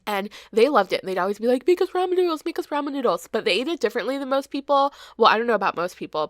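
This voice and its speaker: A woman in her mid-thirties talks through a story with a blocked, stuffy nose, rambling casually and laughing at herself often. Her voice sits at an ordinary pitch and sounds dry and close, with no room around it. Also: fairly bright tone, no room sound. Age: 30s. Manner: chatty and self-deprecating, laughs often. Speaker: gaming channel host. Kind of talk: casual storytelling over gameplay.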